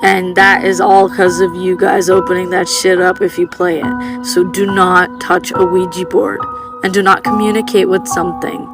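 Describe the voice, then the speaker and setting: Blunt woman, flat voice, music behind. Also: lowish voice, normal speed. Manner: blunt, swears, repeats warnings. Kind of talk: casual advice to camera.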